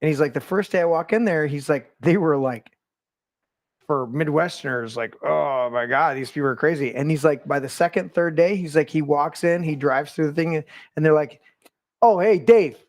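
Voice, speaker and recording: A man hosting a casual conversation, telling animated stories and swearing freely. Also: on the high side, moderate pace, no room sound, studio quality. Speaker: podcast host.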